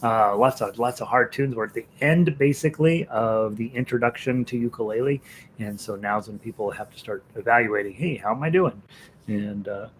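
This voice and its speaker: A man's voice: fairly low pitch, fairly even intonation, normal speed, a little hiss or hum. A middle-aged man teaching a casual live-stream ukulele class, chatty and joking with students, counting in the tunes. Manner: counts in and calls out notes while playing.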